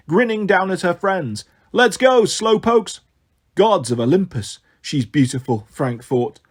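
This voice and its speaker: A man reading a novel aloud as an audiobook narrator, measured and expressive. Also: on the high side. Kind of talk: storytelling narration.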